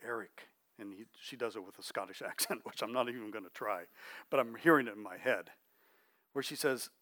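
This middle-aged man preaches quickly in a fairly low voice, treating his sermon like a conversation. He's chatty, keeps checking in with the congregation, and drops to a soft tone when he wants emphasis.

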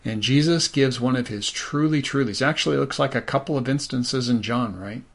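A man's voice: medium pitch, fairly quick. A man preaching a sermon as pastor, conversational and thoughtful, with many "you know" asides.

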